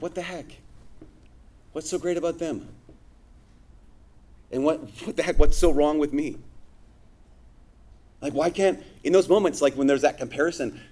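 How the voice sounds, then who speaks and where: A man giving a conversational sermon to his congregation, animated, with frequent asides. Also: a little high. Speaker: priest.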